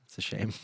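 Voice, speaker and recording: A man's voice: on the high side, fairly bright tone, slightly rough, no room sound. A man co-hosting a casual podcast, riffing playfully and rambling through jokes. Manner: playful, rambling, jokey riffs. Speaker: podcast co-host. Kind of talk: casual banter.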